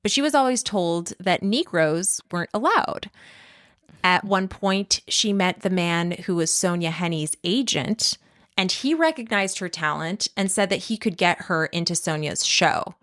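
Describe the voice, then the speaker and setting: A woman hosts a podcast, retelling history in a relaxed, chatty way. She talks in a slightly low voice, full of fillers and emphatic asides. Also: a little slow. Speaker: podcast host. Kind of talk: casual storytelling chat.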